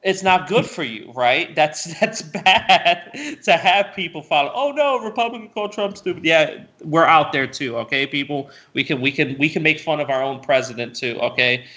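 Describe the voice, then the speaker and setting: A man co-hosting a casual political talk show, animated and ranting, who repeats words and restarts often. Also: fairly high pitch, normal speed, hardly any pauses. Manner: laughs often, swears casually. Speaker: co-host.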